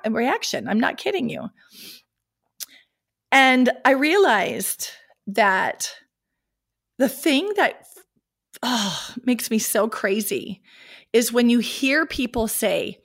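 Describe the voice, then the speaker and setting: A middle-aged woman hosting a solo podcast, her voice scratchy from a cold, talking animatedly, laughing and clearing her throat. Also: on the high side, a bit bright. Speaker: podcast host. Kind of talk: casual solo podcast talk.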